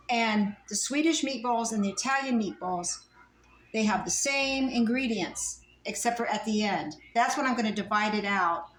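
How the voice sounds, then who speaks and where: A woman's voice: a little high, roomy sound, poor audio. A woman home cook casually talking through a recipe in her kitchen, chatty and thinking aloud as she works. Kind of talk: casual cooking demonstration.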